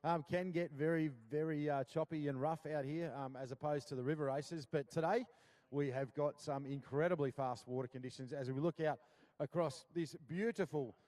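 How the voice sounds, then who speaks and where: An Australian man calling live powerboat racing, upbeat and chatty, full of shout-outs and "mate". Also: fairly high pitch, fairly even intonation, moderate pace. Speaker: powerboat race commentator. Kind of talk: live sports commentary.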